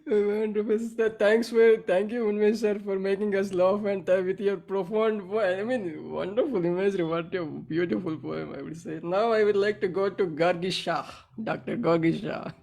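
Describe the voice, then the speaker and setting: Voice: mid-range voice, fairly even intonation, moderate pace, creaky, hardly any pauses, darkish tone. A host of an online poetry event with an Indian English accent, giving effusive praise and introducing the next speaker. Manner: effusive, laughing praise between acts. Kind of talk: live online event hosting.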